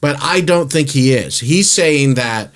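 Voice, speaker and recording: A man's voice: mid-range voice, expressive, a little slow. Male podcast host, casual, blunt, cusses freely, mid-range voice. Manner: candid and blunt, swears freely, laughs often. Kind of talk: casual chat.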